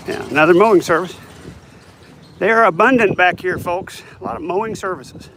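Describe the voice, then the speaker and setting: A man's voice: high voice, a little fast. A man chatting casually to viewers as he walks down a residential street. He rambles along, sounding a little tired. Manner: rambling, chatty, talks to viewers while walking. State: tired, yawning. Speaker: vlogger. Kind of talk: casual walking vlog. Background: passing cars and traffic.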